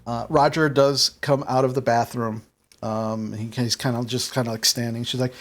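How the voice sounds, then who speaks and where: A man's voice: mid-range voice, steady tone, moderate pace. A young man narrating a tabletop game as game master, loose and full of fillers.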